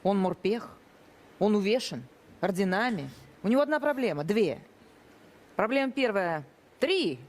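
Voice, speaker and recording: A woman's voice: mid-range voice, expressive, moderate pace, long pauses. A woman pundit on a TV talk show, making her case emphatically and counting off her points one by one. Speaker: state TV pundit.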